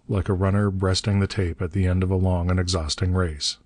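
A man narrating a story in a steady, measured reading. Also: sits low, dry recording, studio quality. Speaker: audiobook narrator. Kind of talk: scripted narration.

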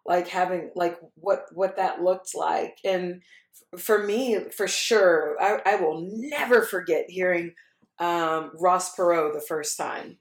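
A woman from Texas in casual conversation, animated, acting out voices in her stories and laughing as she talks. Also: fairly low pitch, slow, reverberant. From Texas, USA. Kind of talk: casual chat.

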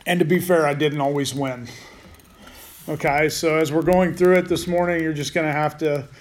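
A man's voice: fairly high pitch, fairly even intonation, normal speed. A man teaching a Bible study in a casual way, with rambling, joking asides.

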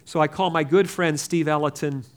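A man's voice: a little high, steady tone, moderate pace, clear, resonant tone. A man in his sixties telling a personal faith story in a rambling, chatty way as a preacher.

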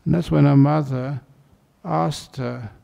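A man giving a dharma talk as a meditation teacher, telling stories in a relaxed, anecdotal way. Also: on the high side, slow, gravelly, lo-fi sound.

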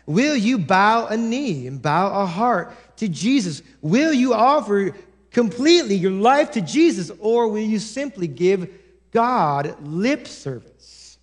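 A male pastor preaching a sermon in church, animated, acting out quoted voices with many restarts. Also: high voice, takes it slowly.

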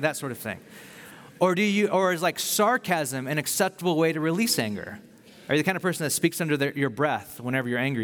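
A man preaching a sermon as pastor, earnest and conversational, acting out quick asides as he talks. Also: a little high, lively intonation, a bit bright, in a large hall.

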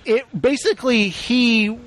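A man hosting a casual podcast, telling animated stories and slipping into quick voice impressions. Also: extremely high pitch. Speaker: podcast host.

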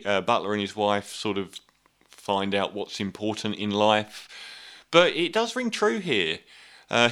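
Low bright-voiced male film reviewer. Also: smooth. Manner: chatty and candid, with frequent ums and wry asides. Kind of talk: casual spoken film review.

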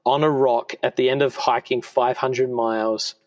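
A podcast guest in his forties keeps a steady tone at medium pitch and moderate speed. Sitting in the studio, he tells his own stories earnestly and from the heart, frequently restarting mid-sentence.

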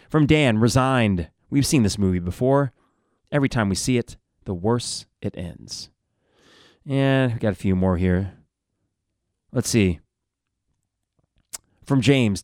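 A middle-aged man hosting a sports podcast reads listener replies aloud one after another, adding casual commentary in a wry, conversational way. His voice sits at an ordinary middle pitch. The recording is dry and close, with no room sound.

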